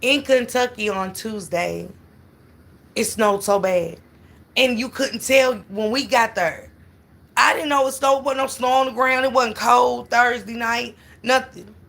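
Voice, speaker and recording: Middle-aged woman, bright gravelly voice, casual livestream host chatting with viewers. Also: fairly high pitch, a little slow. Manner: chatty, greets viewers by name.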